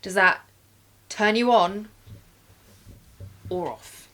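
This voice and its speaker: A woman's voice: medium pitch, very slow, fairly bright tone. A woman co-hosting a podcast, chiming into a casual film chat with dry, teasing remarks. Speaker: podcast co-host. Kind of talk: casual movie recap chat.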